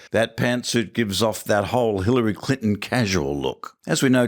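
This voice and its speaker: Aussie bloke doing a funny show review, wry little asides, voice bounces all over. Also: male voice, on the low side. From Australia. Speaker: listener contributor. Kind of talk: comedic episode review.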